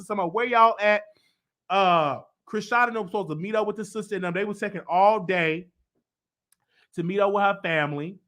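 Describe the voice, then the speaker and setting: A man hosting his own show, casually recapping and reviewing a TV episode in a slangy, animated way with loud bursts. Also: high-pitched.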